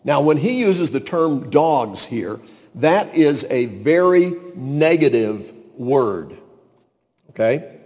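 A man reading scripture and then preaching a sermon in a slow, emphatic way, rising and falling in loudness. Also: medium pitch, animated, long reverb tail.

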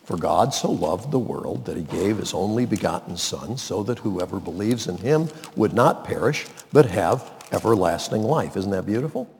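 A male pastor preaching a sermon, swinging his voice high and low and slowing down to stress key words. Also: expressive, vocal fry, long reverb tail, slight background noise. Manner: dramatic swings in pitch and loudness, slows for emphasis.

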